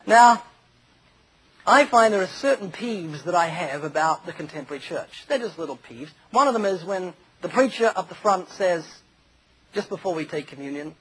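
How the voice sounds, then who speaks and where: A man's voice: high-pitched, animated, normal speed, fairly bright tone, husky, poor audio. A man preaching a humorous sermon, telling stories and acting out the quoted voices of others. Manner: jokey, storytelling, acts out quoted voices.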